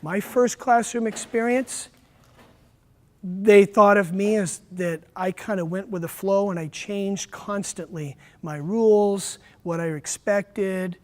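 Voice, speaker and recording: A man running a teacher training workshop, talking straight to his audience in a lively way. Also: sits high, slow pace. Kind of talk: workshop lecture.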